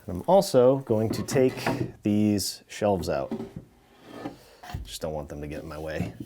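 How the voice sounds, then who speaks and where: A man hosting a casual how-to, talking relaxed while he works with tools and now and then dropping into mutters. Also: fairly low pitch, unhurried, very noisy. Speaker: DIY home renovation host. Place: indoor pantry under renovation.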